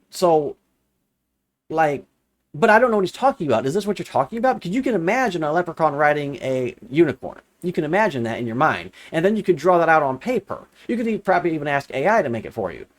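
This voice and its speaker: A young adult man commenting on a viewer's comment, sarcastic and exasperated, repeating lines for emphasis. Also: a little high. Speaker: religious commentator answering comments. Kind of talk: casual commentary reading and rebutting a comment.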